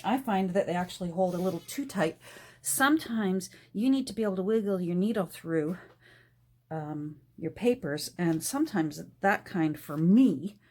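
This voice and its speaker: A woman's voice: fairly low pitch, lively intonation, normal speed, a little mellow. A middle-aged woman chatting casually about her craft as she works at her desk at home, laughing often and trailing off now and then. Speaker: journal-making vlogger. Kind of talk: casual chat while crafting.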